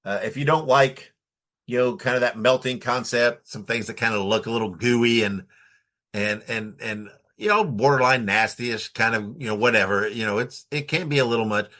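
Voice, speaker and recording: A man with a mid-range voice chats on a podcast. He pauses often and piles up "uh" and "you know" while he works his thoughts out. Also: medium pitch, sharp tone. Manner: halting, stacked fillers. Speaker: podcast co-host. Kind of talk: casual podcast chat.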